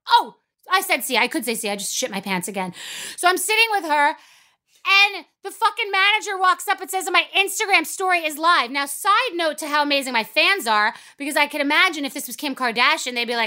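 Brash, bright-voiced woman host. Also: sits high. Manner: brash, profane, fast-talking storyteller. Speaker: podcast host. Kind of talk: animated storytelling and interview.

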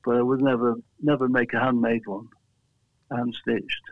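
A man's voice: mid-range voice, flat delivery, normal speed, no room sound. Chatty English man on a phone line. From England. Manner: rambling, chuckling storyteller with many restarts. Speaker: guest, flag maker. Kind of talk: casual interview chat.

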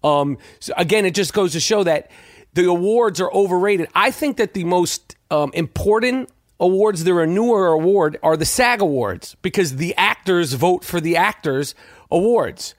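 Podcast host, male, high voice, dry close sound, rants with profanity and tripping restarts. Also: lively intonation, moderate pace, no echo. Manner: rambling, profane, frequent stammered restarts. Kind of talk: casual opinion monologue.

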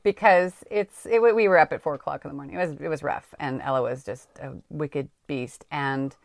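A woman co-hosting a podcast in casual chat, talkative and laughing often, speaking in quick bursts. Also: low voice, gravelly, dry recording, clean studio sound. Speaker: podcast co-host.

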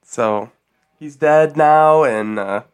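A man's voice: fairly high pitch, drawn-out words, clear, resonant tone. A man co-hosting a comedy podcast, laughing often and telling playful stories. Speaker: podcast co-host. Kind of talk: casual comedic chat.

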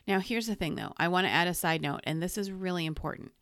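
A woman's voice: fairly low pitch, quick pace, a bit bright, no echo, studio quality. A woman hosting a solo podcast from home, talking in a candid, conversational and encouraging way into a podcast microphone. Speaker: podcast host.

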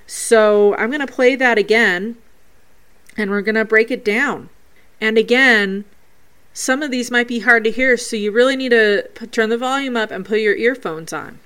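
A woman's voice: a little high, moderate pace, a bit bright, clean tone. A woman hosting a paranormal show, earnestly reading out a listener's ghost recording and breaking down each sound step by step.

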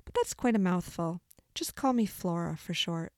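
A woman voicing a calm, gentle otherworldly woman who speaks smoothly and reassuringly. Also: lowish voice, moderate pace, no echo, studio quality. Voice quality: smooth and clear. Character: calm, gentle woman spirit with a slight accent.

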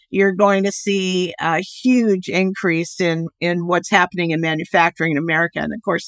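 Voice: mid-range voice, fairly bright tone, dry recording. An expert guest giving long, rambling interview answers with many fillers and restarts.

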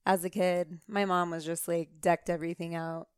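A woman's voice: fairly low pitch, little pitch movement, moderate pace, clean tone, dry recording, clean studio sound. A young woman guest on a podcast, chatting casually and laughing easily, with lots of "like". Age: young adult. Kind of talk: casual chat. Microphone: close podcast microphone.

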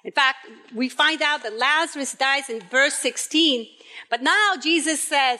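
A woman preaching a sermon, telling the story in a lively way and acting out the quoted voices. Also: sits high, unhurried.

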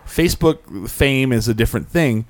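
A man's voice: medium pitch, expressive, normal speed. A man telling an anecdote on a casual web show. He rambles, restarts his sentences and circles back to his point in easy chatter. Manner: rambling storyteller, frequent restarts. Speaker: podcast host. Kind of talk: casual chat.

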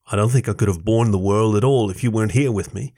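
A strong, protective young tomcat, as a male reader puts him on. His voice is raised a little above the reader's low natural tone and comes across as urgent and caring. It comes from an audio story. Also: fast talker, warm tone. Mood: tender.

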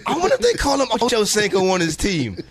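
A man's voice: high voice, huge pitch swings, fast, crowd noise. A man hosting a radio show, chatting casually and joking as he stumbles through a list of names. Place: radio studio.

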